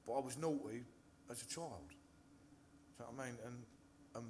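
There's slight background noise behind this brisk, somewhat mellow mid-range male voice. The speaker is an Englishman from Hertfordshire telling his recovery story as personal testimony to a live audience from a meeting-hall stage; he's nervous, swears a lot and restarts his sentences.

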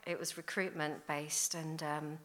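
A woman, giving a candid, blunt recovery testimony in an animated storytelling way. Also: low-pitched, a little slow. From London. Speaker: recovery speaker. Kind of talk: personal testimony talk.

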